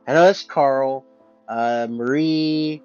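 A man's voice: mid-range voice, slow pace, darkish tone, clean tone. A man doing let's play commentary, reading game text aloud and musing with fillers. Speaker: gamer. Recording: dull lo-fi audio with game music.

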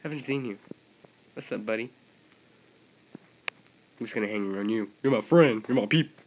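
Excitable man narrating his gameplay. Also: fairly low pitch, moderate pace, noisy background. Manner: excitable, talks to other players, yelps and mutters. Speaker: gaming video creator. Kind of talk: gameplay commentary.

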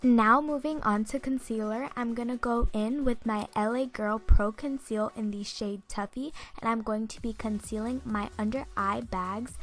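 A woman's voice: a little high, steady tone, moderate pace, hardly any pauses, faint music behind. A teenage girl vlogger in a casual makeup tutorial, chatty and rambling with lots of fillers, still in her morning voice. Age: teens. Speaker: beauty vlogger.

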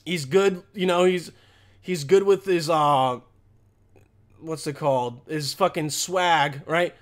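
A man's voice: fairly high pitch, slow. A man giving a sarcastic, profane reaction commentary, often tacking "okay?" onto his sentences. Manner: repeats "okay?" and "all right?" often. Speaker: commentary vlogger.

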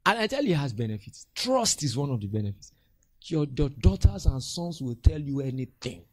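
A man's voice: mid-range voice, a little fast, no echo. A Nigerian man preaching a sermon as pastor, acting out church members' voices as he talks. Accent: Nigerian English. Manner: animated, acts out church members' voices with laughter.

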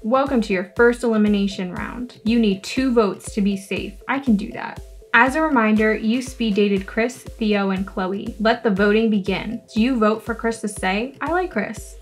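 A woman's voice: medium pitch, steady tone, faint music behind. A young woman reading a story game aloud and joking sarcastically as she plays. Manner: sarcastic, playful, reads characters in quick voices. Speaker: gaming YouTuber.

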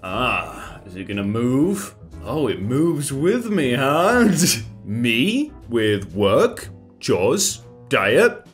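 A man's voice: mid-range voice, very animated, extremely slow, faint music behind. A man in his thirties doing casual meme commentary, reading captions aloud, then joking and laughing often. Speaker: meme reaction host.

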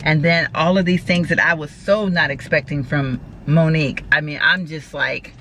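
A woman chats to her viewers from the seat of her car and gushes over each gift she unboxes. She talks in exclamations and repeated thanks. Steady road and engine noise runs under her voice. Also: sits low, normal speed. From Texas. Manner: effusive, exclamatory, gushing thanks. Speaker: vlogger. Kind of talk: casual unboxing chat. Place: parked car.

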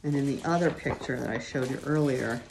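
A woman reading a children's chapter book aloud, gently pausing to show pictures. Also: extremely low pitch, vocal fry, background noise. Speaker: reader.

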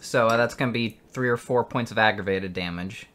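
A man narrating as game master of a tabletop game, unhurried and often laughing. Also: fairly low pitch, heavy background noise.

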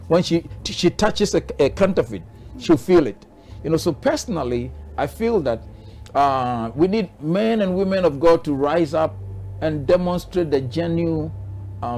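A man's voice: a little high, darkish tone. A man from Ghana, a bishop answering interview questions in a preaching manner, driving his points home with repeated rhetorical questions.

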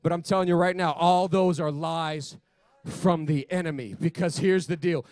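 A man's voice: fairly high pitch, fairly even intonation, moderate pace, dry recording. Fervent male youth preacher, dry sound. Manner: fervent preaching, swings from shouts to hushed asides. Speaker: youth pastor. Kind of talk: sermon. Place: church service.

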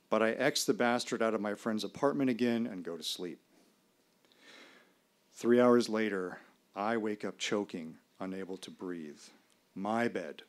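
Stage storyteller, male, low voice, measured dramatic pauses, live venue. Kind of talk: live personal storytelling performance.

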